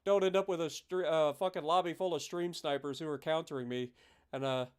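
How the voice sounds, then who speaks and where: A man streaming live gameplay, commenting casually and breaking into loud, profane rants. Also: fairly high pitch, steady tone, brisk, clean tone. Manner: profane, swings into loud ranting. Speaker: gaming livestreamer.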